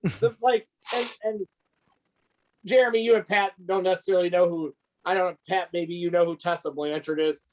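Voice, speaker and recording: Man, fairly high voice, rambling, podcast co-host, casual chat. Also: fairly even intonation, fairly quick, low-quality recording. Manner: rambling, restarts often, laughs while telling stories.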